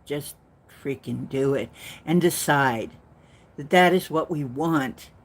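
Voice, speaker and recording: A woman's voice: deep voice, slow. A woman giving an earnest, rambling spiritual talk, telling a story with many restarts. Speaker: spiritual channel host.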